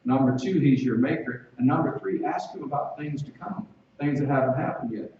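Preacher in an echoey hall, heard from afar. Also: male voice, medium pitch, brisk, a little hiss or hum. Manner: conversational, asks the listeners direct questions. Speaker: pastor. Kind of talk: expository sermon. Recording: echoey distant, dull sound.

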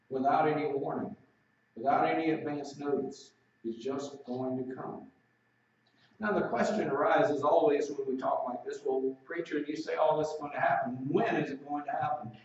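A man delivers a sermon in a raised-pitch voice, stretching out scripture passages for emphasis. The sound is heavily echoey and picked up from a distance. The recording is dull and lo-fi. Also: darkish tone. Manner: preaching with emphatic, drawn-out scripture reading. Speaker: preacher. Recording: roomy echo, distant mic, dull lo-fi sound.

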